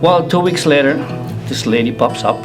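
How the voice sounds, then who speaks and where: A man's voice: on the high side, normal speed. A man from Italy telling plainly the story of his life and marriage. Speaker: interviewee. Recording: music behind.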